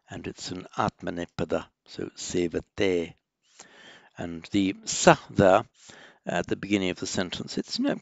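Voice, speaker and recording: A low-voiced man with a gravelly edge talks through Sanskrit exercises like a patient teacher. He pauses on ums, restarts his phrases, and slows right down to sound out each word. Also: dry recording. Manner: thinks aloud with frequent ums and restarts, slows to spell out words. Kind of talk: classroom lesson walking through exercises.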